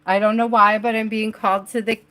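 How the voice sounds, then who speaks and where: A woman's voice: mid-range voice, flat delivery, brisk, fairly bright tone. A woman doing a live-stream tarot reading, chatty and giggly, talking to her viewers and to spirit, with the hiccups. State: has the hiccups. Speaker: tarot reader. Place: home reading space.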